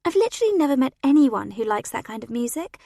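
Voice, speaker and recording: A woman voicing a calm, clever teenage girl. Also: high voice, quick pace, no echo, studio quality, pitched above the performer's own voice, heavily acted.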